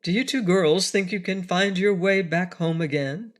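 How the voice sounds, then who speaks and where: A woman voicing a kindly elderly male wizard in a storybook reading, speaking in a measured, explaining way. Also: lowish voice, close to an everyday voice. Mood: earnest.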